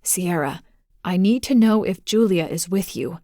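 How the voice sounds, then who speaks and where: A woman voicing a frantic billionaire father who pleads gently and urgently with his missing daughter, in an audiobook. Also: lowish voice, expressive, unhurried, no echo, studio quality. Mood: anxious, pleading. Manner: urgent, pleading, soft-spoken to a child. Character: frantic billionaire father, male, middle-aged. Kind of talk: audiobook dialogue.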